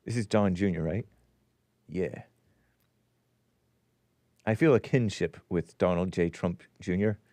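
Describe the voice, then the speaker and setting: A man's voice: low-pitched, takes it slowly, long pauses, dark tone, no room sound. A man hosting a live-streamed commentary show, reacting to clips with sarcastic, mocking asides. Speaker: host.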